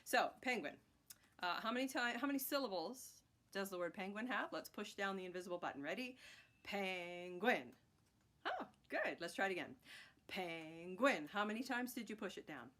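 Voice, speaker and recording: A woman's voice: mid-range voice, lively intonation, quick pace, fairly bright tone. A woman teaching a children's music class, chanting rhythm words and cheering on her young learners. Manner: encouraging, sing-song chanting of rhythm words.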